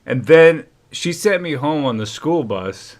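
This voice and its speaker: A man's voice: a little high, expressive, a little slow. A man from Quebec hosting a casual livestream chat, laughing often, telling a story in silly voices and reading chat comments aloud. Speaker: livestream host.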